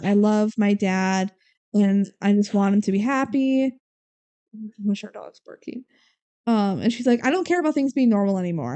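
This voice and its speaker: A young woman co-hosting a podcast casually recaps a movie, acting out characters' lines and sprinkling in lots of "like" and "um." Her mid-range voice has a dark yet clean tone.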